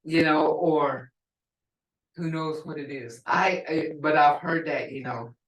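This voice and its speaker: Slow-speaking woman teacher on a video call. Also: sits low. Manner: slow, explanatory, repeats words for learners. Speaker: language instructor. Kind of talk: online language class. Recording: roomy and distant video call audio.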